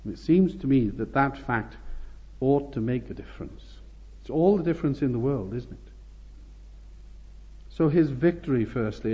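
Guy preaching a sermon, earnest, goes up on big words and drops low at the end, kinda muffled recording. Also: long reverb tail. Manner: earnest, emphatic, rising on key phrases and dropping low at ends. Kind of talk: expository sermon.

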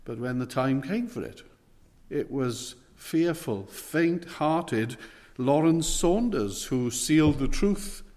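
Slow, earnest male preacher in reverb. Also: mid-range voice, animated, darkish tone. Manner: earnest, with slow stressed repetitions and rhetorical questions. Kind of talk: sermon. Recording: long hall reverb.

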